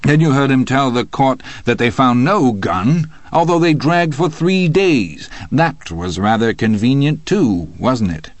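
A man's voice: mid-range voice, lively intonation, normal speed, hardly any pauses, no echo, natural voice. Sneering prosecutor guy, man reading it, pushy sarcastic questions, dry close sound. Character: sarcastic, hectoring male prosecutor in court.

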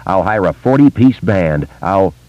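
A man voicing a brash, profane, warm-hearted wealthy woman who talks excitably and swears freely. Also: low voice, unhurried, no room sound. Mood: excited. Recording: dull lo-fi audiobook recording.

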